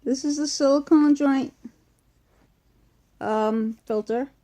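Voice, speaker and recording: A woman's voice: high-pitched, slow pace, warm tone. Woman, Massachusetts accent, chatty vlog, rambling with fillers, sick and weak, phone mic at home. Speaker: vlogger. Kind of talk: casual unboxing chat. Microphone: phone or webcam close in front.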